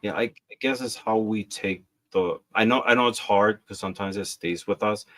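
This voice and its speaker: A man with a fairly low voice hosts a relaxed podcast conversation. He reads out quiz questions with playful flair and answers his guest with calm encouragement. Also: normal speed, dry recording. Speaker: podcast host. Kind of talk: conversational interview.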